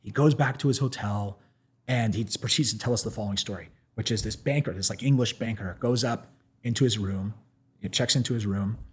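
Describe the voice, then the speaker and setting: A husky-voiced American man tells a story at a quick clip. He talks casually and animatedly, piling on fillers and restarting sentences as he goes. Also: lowish voice. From United States. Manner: animated, full of "like" fillers and restarts, laughs often.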